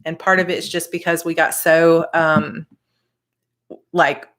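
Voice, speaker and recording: A woman in her thirties with a light Georgia Southern accent and a slightly low voice. She chats casually and effusively with viewers on her live stream, reading out their comments as she goes. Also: little pitch movement, slow pace, fairly bright tone. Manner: chatty and effusive, reads viewer comments aloud. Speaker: author hosting a live stream.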